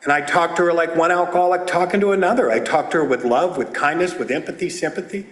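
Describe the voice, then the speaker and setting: High-voiced older man telling stories. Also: quick pace. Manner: animated storyteller, shouts in acted scenes. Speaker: AA meeting speaker. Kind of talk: comedic recovery talk. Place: meeting room with audience. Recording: roomy echoing meeting hall.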